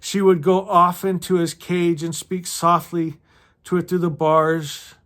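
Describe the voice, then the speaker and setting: A middle-aged man with a somewhat high voice reads a story aloud at a slow pace. He talks casually between passages, gets emotional, laughs often and swears freely. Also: flat delivery, fairly bright tone. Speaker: host reading a novel aloud. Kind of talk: casual reading with personal commentary.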